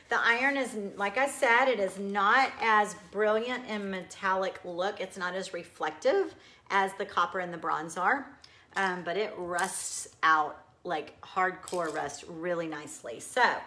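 A woman's voice: mid-range voice, pushed and bright, low-quality recording. A woman with a Texan accent giving a live DIY painting demonstration, chatty and upbeat, answering viewer comments while she works. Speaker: furniture painting instructor.

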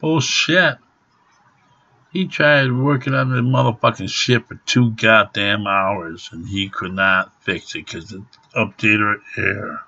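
A man's voice: lowish voice, steady tone, measured pace, bright, forceful tone. A middle-aged man ranting and swearing to the camera in an angry home vlog. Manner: profane, ranting, grumbling. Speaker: vlogger. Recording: dull lo-fi home recording.

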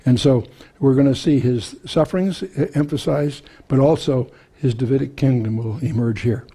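A man's voice: mid-range voice, normal speed, warm tone, slightly rough. A man teaching a verse-by-verse Bible study, reading scripture aloud and then explaining it, with frequent restarts.

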